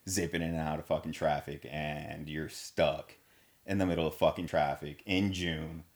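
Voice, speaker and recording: A man's voice: very deep voice, level tone, normal speed. A man telling a story in casual chat, laid-back and slangy, cursing freely and calling people dude and man.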